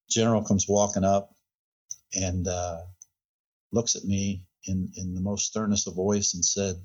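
A fire chief talks through an old incident as a podcast guest, relaxed and conversational, often doubling back on his words. His voice sits low and mellow with a husky edge. The audio sounds dull and lo-fi. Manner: relaxed storyteller, repeats words and quotes others. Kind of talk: recounting a past incident in conversation.

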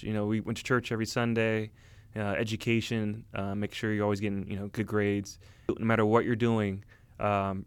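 A man in his thirties, telling his story as an interview guest in earnest, halting casual talk with many fillers. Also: fairly low pitch, clean tone, no echo. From United States. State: emotional, near tears. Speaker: interview guest, Army officer. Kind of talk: casual conversation.

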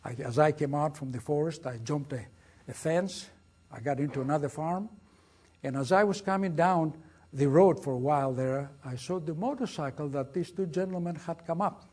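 An older man with a Greek accent recounts his wartime escape in a lecture hall. His husky voice sits a little high, and he tells the story with drama and energy, acting out the lines of the people he quotes. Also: moderate pace, darkish tone. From Greece. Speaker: guest speaker.

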